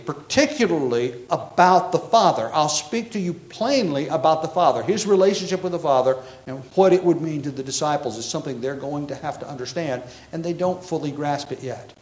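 A man pastor preaching an expository sermon, emphatic and explanatory, with frequent self-corrections. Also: a little high. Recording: echoey room.

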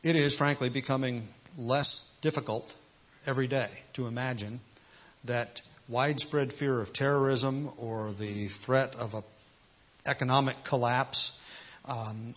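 A man preaching a sermon, emphatic and full of rhetorical questions. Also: medium pitch. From United States. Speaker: pastor.

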